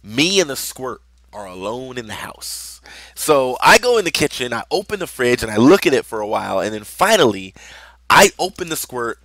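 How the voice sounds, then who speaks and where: A man's voice: mid-range voice, very animated, moderate pace, a bit bright, dry recording. Young man telling a rambling story. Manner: rambling, conversational, with many fillers. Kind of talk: casual storytelling vlog.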